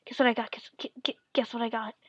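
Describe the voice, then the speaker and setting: A woman quoting her excited father, who stammers and repeats himself as he pesters his small daughter. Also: very high voice, fast, breathy edge, dry recording. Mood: eager. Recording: dull, dry lo-fi recording.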